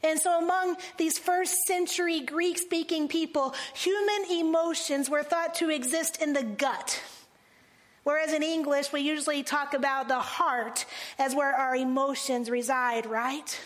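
A woman pastor delivers a sermon with a high voice. She speaks slowly and deliberately, breaking into laughter and sinking into hushed, drawn-out phrases to drive a point home. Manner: animated preaching with laughs and dramatic slow, hushed phrases.

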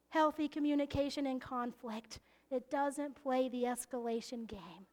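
A woman preaching a sermon, expressive and often laughing, dropping into hushed whispers to stress a point. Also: sits high, measured pace.

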